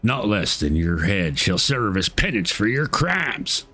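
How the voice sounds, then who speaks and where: A man's voice: on the low side, big pitch swings, a little slow, bright, forceful tone, breathy edge, full character voice. A man voicing an aggrieved man demanding justice in a video game, with a raised, theatrical delivery. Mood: accusing.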